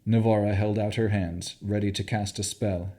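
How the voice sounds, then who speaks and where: A man narrating a fantasy audiobook in a measured, expressive way. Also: fairly low pitch.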